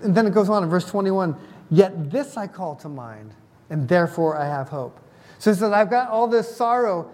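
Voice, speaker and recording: A man with a fairly high voice preaches a sermon as a pastor. He keeps it conversational, often stopping to ask the congregation questions. His voice rings out with a long hall reverb. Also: a little mellow.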